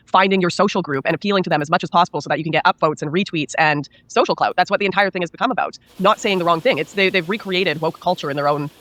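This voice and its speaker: A woman's voice: lowish voice, fairly bright tone, no room sound. A woman being interviewed as an author, speaking candidly and earnestly, often acting out what others told her. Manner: rapid, earnest, acts out quoted people.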